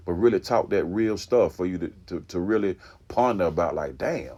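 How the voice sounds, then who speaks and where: A man's voice: low voice, expressive, moderate pace, darkish tone. A man from Atlanta talking in a laid-back, casual way in an interview, peppering his speech with fillers. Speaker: group member being interviewed.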